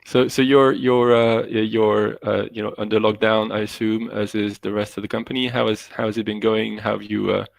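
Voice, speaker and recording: A man's voice: lowish voice, little pitch movement, moderate pace, vocal fry, hardly any pauses, no room sound. A man hosting a casual video-call interview, asking teasing, joking questions. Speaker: host, interviewer.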